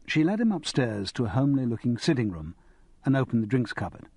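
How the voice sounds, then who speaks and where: Brief: male audiobook narrator, expressive, lively intonation, slightly husky and dry. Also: mid-range voice, fast talker, no room sound. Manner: expressive storytelling. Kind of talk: scripted narration.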